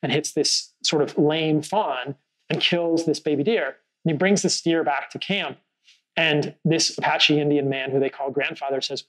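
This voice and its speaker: A man's voice: fairly high pitch, fairly even intonation, a little fast, fairly bright tone, low-quality recording. Earnest man musing on a podcast. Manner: earnest, thoughtful, storytelling with many fillers. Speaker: podcast host. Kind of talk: casual conversational podcast.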